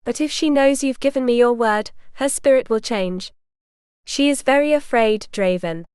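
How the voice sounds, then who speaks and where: A woman voicing a proud, stubborn young noblewoman who speaks indignantly and with a sharp tongue. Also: on the high side, normal speed, smooth, no echo, studio quality, lightly acted.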